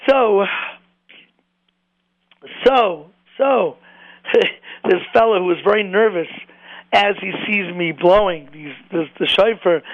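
Brief: high-pitched male rabbi, fervent sermon delivery, dry close sound. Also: no echo, lo-fi sound. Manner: fervent, repeats words, rises in pitch when stirred. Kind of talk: impassioned sermon.

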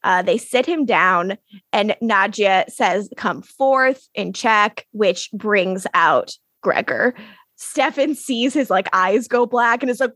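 A woman's voice: medium pitch, animated, slow pace, a bit bright, dry recording, clean studio sound. A woman co-hosting a podcast, chatting casually, laughing often and swearing as she retells scenes. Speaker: podcast co-host. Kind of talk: casual recap chat.

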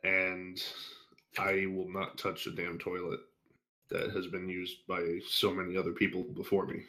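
A young man with a very deep voice tells a crude story in loose, casual chat. He curses freely and acts out what everyone in the story said. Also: unhurried. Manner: crude, animated anecdote with acted-out quotes. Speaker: guest storyteller.

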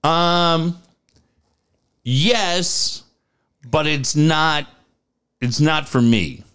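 A man's voice: on the high side, drawn-out words, a bit bright, smooth. A middle-aged man co-hosting a casual podcast, telling funny stories with lots of laughing, swearing and acted-out voices. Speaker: podcast co-host. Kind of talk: casual chat, storytelling.

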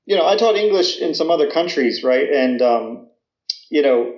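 A man's voice: on the high side, animated, normal speed, darkish tone. Chatty American man in an echoey room. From United States. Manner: chatty, self-deprecating, many fillers. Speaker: guest, American living in Croatia. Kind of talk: casual interview answers. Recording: echoey room, slightly dull audio.

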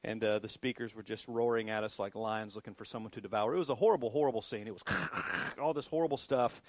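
A man's voice: fairly low pitch, fast, hardly any pauses, no room sound. A middle-aged man preaching as a pastor, talking casually with many restarts and self-deprecating asides. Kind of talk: sermon. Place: church sanctuary.

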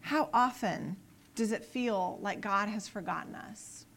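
A woman's voice: medium pitch, a little slow, creaky, fairly bright tone. A woman giving an earnest Bible teaching on the Psalms, emphatic and fond of repeating her phrases.

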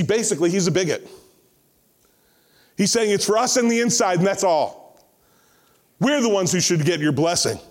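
A man delivers a sermon with a slightly high voice. He retells a scripture story in an animated, conversational way and slips into the voices of the people in it. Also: normal speed, long pauses. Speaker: pastor.

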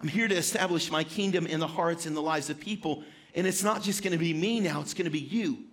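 A man voicing a calm, patient teacher. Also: on the high side, fast talker, voice pushed down. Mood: reassuring. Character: calm, patient male teacher speaking to followers.

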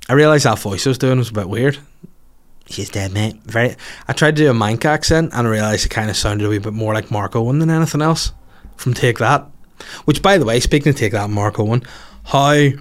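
A man's voice: on the low side, brisk. A man, a comedian chatting casually on his podcast, rambling and swearing through jokey asides. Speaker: comedian podcaster answering listener questions. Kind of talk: casual solo podcast chat.

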